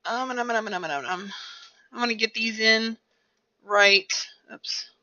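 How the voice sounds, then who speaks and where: A woman's voice: fairly high pitch, measured pace, pushed and bright. A young woman streamer chatting casually and rambling to herself while she plays a game. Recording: dull lo-fi recording.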